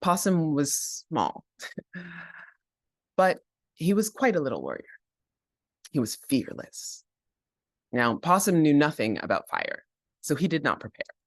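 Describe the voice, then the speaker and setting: A man's voice: a little high, sing-song, takes it slowly, long pauses, dry recording. Man, storyteller, folk tale told aloud, playful chants, dry close sound.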